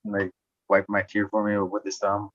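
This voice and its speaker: A man's voice: lowish voice, completely flat delivery, normal speed, fairly bright tone, dry recording. A man telling a rambling story in casual chat, swearing often and laughing as he talks. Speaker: podcast guest. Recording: dull lo-fi sound.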